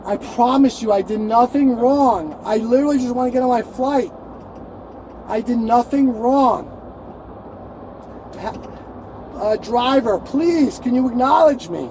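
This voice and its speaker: An agitated man under arrest, pleading and shouting for answers from the back of a police car, recorded on an officer's bodycam. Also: extremely high pitch, unhurried, long pauses. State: agitated, upset. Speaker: arrested passenger. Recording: noisy bodycam audio.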